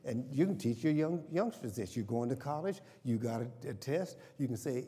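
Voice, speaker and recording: Older pastor, mellow timbre, call-and-response sermon, long church reverb. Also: male voice, medium pitch, a little fast, hardly any pauses. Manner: call-and-response, asks congregation questions. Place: church sanctuary.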